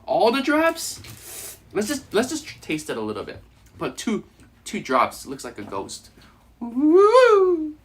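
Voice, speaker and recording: A man's voice: fairly high pitch, huge pitch swings, a little slow, fairly bright tone. A man hosting a casual live stream while eating, joking and laughing often with his chat.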